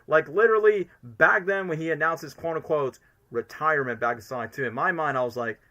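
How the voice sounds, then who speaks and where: A man's voice: fairly high pitch, brisk, few pauses, pushed and bright. A man streaming casual fan commentary, enthusiastic and rambling, filling his sentences with "literally" and "like".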